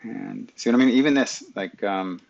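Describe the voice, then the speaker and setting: Middle-aged male streamer, deep gravelly voice, talks back at his pc, webcam mic sound. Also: moderate pace, a little mellow, lo-fi sound. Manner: mutters to himself and talks back to his computer. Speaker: live stream host. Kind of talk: casual screen-share talk.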